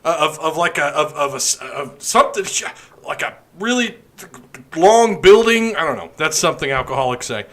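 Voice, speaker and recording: A man hosts a casual live stream, rambling and joking between sips of beer. His voice sits a bit high for a man and sounds bright and forward. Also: big pitch swings, moderate pace. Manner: rambling, joking, drinking beer while talking. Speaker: podcast host.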